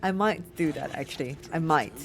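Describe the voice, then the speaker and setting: A woman casually commentating a video game, chatty, excitable and often apologetic. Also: low voice, moderate pace. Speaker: let's play streamer.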